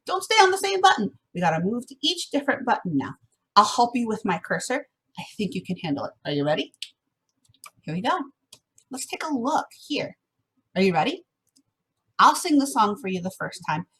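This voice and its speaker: A woman's voice: mid-range voice, breathy edge. A woman music teacher giving an encouraging online lesson to first graders, sometimes singing the song examples.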